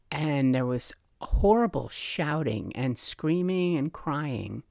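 Woman telling her own story on a podcast, lively, plays out voices, dry close mic. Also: a bass voice, dry recording. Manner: animated, acts out remembered voices. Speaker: podcast host. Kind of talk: personal storytelling.

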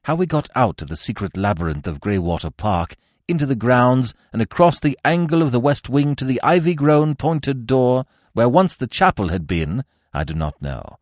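A man narrating a classic adventure story in a theatrical, highly expressive reading. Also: moderate pace, no echo, clean studio sound. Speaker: podcast narrator. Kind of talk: dramatic audiobook narration.

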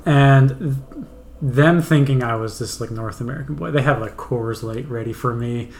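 A man's voice: mid-range voice, moderate pace, slight background noise. A young man co-hosting a podcast, telling stories in a chatty way. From Canada. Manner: chatty storyteller, many fillers. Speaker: podcast co-host. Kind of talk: casual chat.

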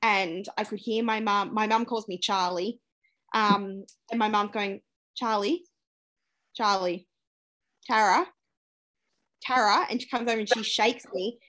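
A woman's voice: mid-range voice, normal speed. A young Australian woman, a podcast guest, candidly retelling a personal story, acting out what people said and laughing as she goes. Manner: candid, animated retelling with acted-out quotes and laughter.

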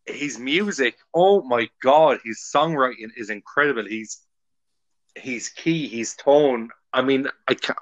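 A man's voice: medium pitch, measured pace, dull audio. Chatty male podcast host. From Ireland. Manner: gushing, chatty, jokey. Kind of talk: casual chat.

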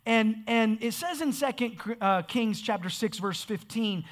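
A man preaching a sermon with energy, often repeating words as he restarts and building up to shouts. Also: high voice, lively intonation, a little slow. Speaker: pastor.

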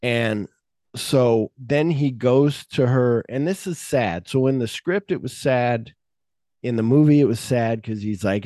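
A man's voice: medium pitch, unhurried, mellow, no echo, studio quality. A man hosting a podcast, casually retelling movie scenes and acting out the lines he quotes. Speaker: podcast host. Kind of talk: casual film discussion.

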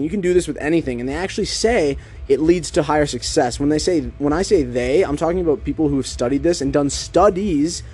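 A man's voice: a little high, darkish tone, husky. A young man talking casually and energetically to his listeners, addressing them directly. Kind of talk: casual monologue.

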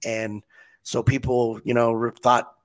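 A man's voice: medium pitch, little pitch movement. A man hosting a podcast in casual chat, often stumbling and repeating words as he tells stories. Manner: halting, repeats words while telling stories. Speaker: podcast host.

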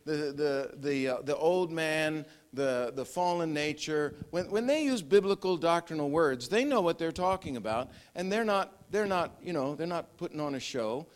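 Older male pastor with a rather high voice; conversational sermon, frequent restarts and small chuckles. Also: animated, normal speed, hardly any pauses. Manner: conversational, repeats words, chuckles.

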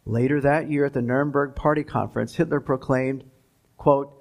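A man giving a history lecture to high school students. He speaks deliberately, stops for asides and reads out quotations. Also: fairly even intonation. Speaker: guest lecturer.

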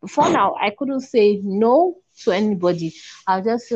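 A woman, a podcast guest giving an earnest personal testimony, often repeating herself and slowing to a hush. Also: medium pitch, animated, husky, dull audio. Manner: earnest, repeats herself, slows and drops to a hush when recalling prayers. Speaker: interview guest.

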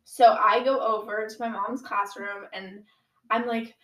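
A woman's voice: a little high, normal speed, echoey room, low-quality recording. A teenage girl telling a dramatic story from her own life in casual chat, full of "like"s and acted-out quotes. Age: teens. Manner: animated, dramatic retelling with many "like"s.

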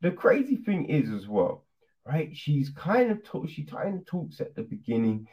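A man's voice: a little high, big pitch swings, normal speed. A man casually reviewing a film on his channel, laughing, swearing and throwing in lots of rhetorical asides. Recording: dull lo-fi recording.

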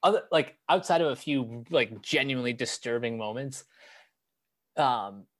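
A man's voice: medium pitch, animated, normal speed, a bit bright. An American man in casual review chat who talks hesitantly, with many ums and restarts. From United States.

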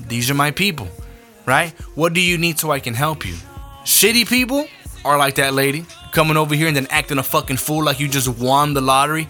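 A man's voice: a little high, brisk, pushed and bright, soft background music. A young adult man hosting a podcast, ranting his opinions bluntly with heavy profanity. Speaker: podcast host.

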